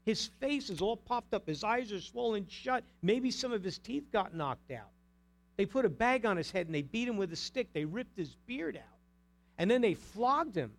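High-pitched guy preaching, emphatic, keeps firing questions at the crowd. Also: expressive, moderate pace. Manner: emphatic, preaching with rising intensity and rhetorical questions. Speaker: pastor. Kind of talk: sermon.

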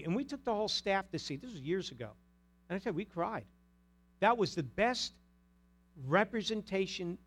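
A male pastor preaching an emphatic sermon, asking the congregation pointed rhetorical questions. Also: sits high.

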